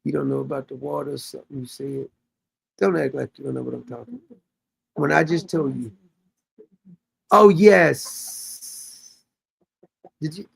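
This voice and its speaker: A man's voice: medium pitch, steady tone, quick pace, vocal fry, husky. A man hosting a casual livestream chat, rambling loosely and laughing often. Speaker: show host.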